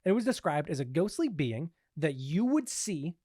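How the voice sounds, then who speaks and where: A man's voice: a little high, moderate pace, dry recording. Guy on a podcast, laughs a lot, swears, voice jumps all over, explaining stuff. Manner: laughs often, swears, animated storytelling. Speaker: podcast co-host presenting the topic. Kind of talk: casual podcast chat.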